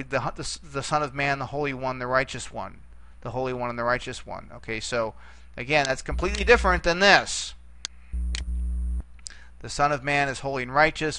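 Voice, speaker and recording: A man's voice: mid-range voice, sharp tone, slight background noise. A middle-aged man lecturing on Greek grammar, explaining step by step and checking in with "okay?" again and again. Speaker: Greek teacher. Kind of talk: recorded classroom lecture.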